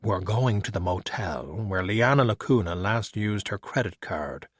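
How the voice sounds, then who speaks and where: A man voicing a calm, dry-witted skeleton detective who speaks in a measured, deadpan way. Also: lowish voice, slightly rough, no echo.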